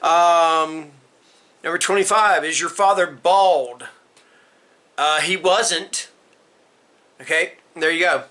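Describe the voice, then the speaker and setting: A man's voice: fairly high pitch, slow pace, pauses often, bright, forceful tone. An American man in his fifties chatting through a casual question list for his book channel, rambling and stopping to restart, with joking asides. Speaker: book vlogger. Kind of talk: casual Q&A tag video.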